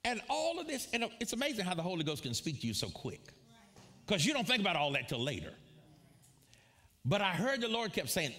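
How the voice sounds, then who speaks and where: A man preaching a sermon to a live congregation, telling a personal story with frequent laughter and lively asides. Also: high voice, normal speed. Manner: animated storyteller, laughs often, calls out to congregation. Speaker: pastor. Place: church before a live congregation.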